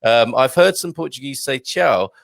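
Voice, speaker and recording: A man's voice: mid-range voice, animated, normal speed, creaky, no room sound. Chatty man hosting, dry close sound. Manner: chatty, laughs often, stumbles over Portuguese words. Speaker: host. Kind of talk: casual chat show.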